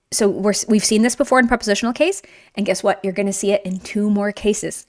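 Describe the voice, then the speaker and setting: A woman teaching a grammar lesson in a lively, chatty way, with playful asides and frequent teacherly check-ins. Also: mid-range voice. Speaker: Russian language teacher.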